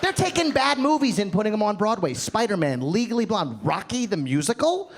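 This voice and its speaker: A man in his thirties from the American South, doing an animated stand-up comedy set on a club stage into a handheld mic. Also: sits high, brisk. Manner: animated, jokey, acts out characters. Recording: live club with crowd noise.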